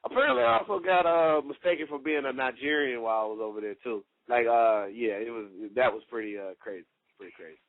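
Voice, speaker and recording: This wrestler guest on a radio show is a fast talker with a medium-pitched voice. He tells stories in a loose, rambling style packed with "like" and "you know." The audio is a tinny, dry phone line with no echo.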